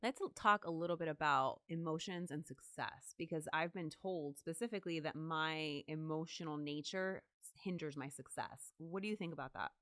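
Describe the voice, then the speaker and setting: A woman's voice: low voice, normal speed, a bit bright, no room sound, studio quality. A woman co-hosting a conversation, asking curious, engaged questions. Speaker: podcast co-host. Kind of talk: conversational interview.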